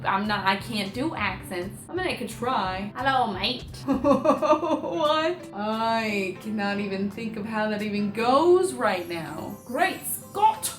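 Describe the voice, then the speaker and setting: A young woman vlogging in a casual, rambling way, goofy and self-mocking. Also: on the high side. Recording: echoey room with faint music.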